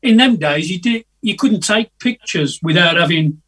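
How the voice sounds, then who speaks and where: A man's voice: high-pitched, expressive, normal speed, a bit bright, breathy edge. An older man from the telling rambling stories in a casual interview over a video call, hesitant and chatty, often laughing at his own tales. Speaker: guest musician. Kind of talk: casual anecdotal storytelling. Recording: voice a bit distant from the mic.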